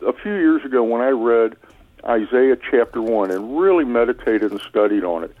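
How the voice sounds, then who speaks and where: A man from Missouri calling into a radio show, speaking sincerely and in a measured way as he questions the hosts. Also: mid-range voice, animated, no room sound. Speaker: caller. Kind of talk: call-in radio. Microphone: phone line. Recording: tinny phone line.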